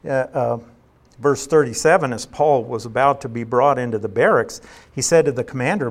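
A man's voice: mid-range voice, moderate pace. A man teaching through scripture verse by verse, as a pastor at an evening study. He reads each passage aloud, then explains it in an easy, conversational manner with a mid-range voice.

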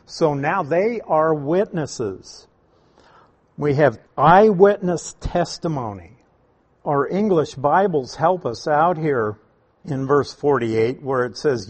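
A man teaching from the Bible, explaining Greek wording in a deliberate, emphatic way and asking rhetorical questions. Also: medium pitch. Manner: emphatic, repeats key points, asks rhetorical questions; slow, deliberate delivery with stressed words.

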